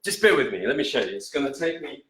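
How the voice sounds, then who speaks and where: A man's voice: medium pitch, big pitch swings, quick pace, fairly bright tone, reverberant. A man hosting a live whisky show in a casual chatting way, reading out viewer comments and correcting himself as he goes. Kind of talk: casual live-stream chat. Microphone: camera in front, steps out of frame.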